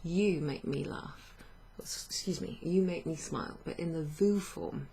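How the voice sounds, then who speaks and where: A woman's voice: low voice, moderate pace, creaky, very noisy. A woman teaching a French lesson, explaining patiently with fillers and self-corrections. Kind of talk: online language lesson.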